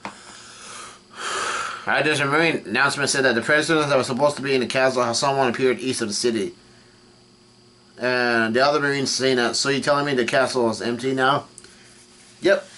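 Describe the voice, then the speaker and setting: Male vlogger, mid pitch, halting read-through recap, frequent restarts. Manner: halting, full of restarts and fillers, reads quoted lines flatly. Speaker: manga reaction vlogger. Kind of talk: casual recap while reading.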